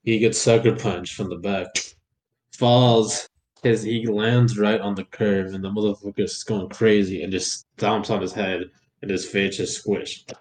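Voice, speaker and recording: A young man with a low voice, relaxed and a bit halting as he chats on a podcast. He often stops and restarts his sentences. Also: slight background noise, rough recording. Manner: laid-back, hesitant, many restarts. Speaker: podcast co-host. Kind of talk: casual chat.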